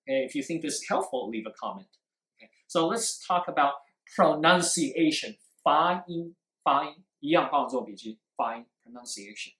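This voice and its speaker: A man's voice: a little high, animated, fairly quick, sharp tone, echoey room, low-quality recording. A man teaching a live-stream lesson, repeating his points and quizzing viewers with questions. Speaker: English speaking teacher.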